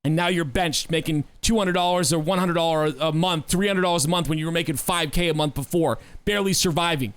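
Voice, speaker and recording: A man co-hosting a podcast, talking in an animated, assertive way with folksy sayings and repeated emphasis. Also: on the high side, fast, hardly any pauses, no room sound. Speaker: podcast co-host. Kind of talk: casual podcast discussion.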